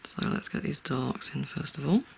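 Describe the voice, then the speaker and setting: An art tutor talking through a real-time drawing tutorial in a soft, often half-whispered, reassuring way. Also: medium pitch, animated, moderate pace, gravelly, a little hiss or hum.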